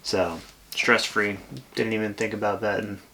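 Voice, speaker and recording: A man's voice: lowish voice, little pitch movement, normal speed, bright, forceful tone, slight background noise. A man co-hosting a podcast, chatting casually and telling stories with lots of fillers. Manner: laid-back storyteller, trails off with fillers. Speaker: podcast co-host. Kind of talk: casual chat.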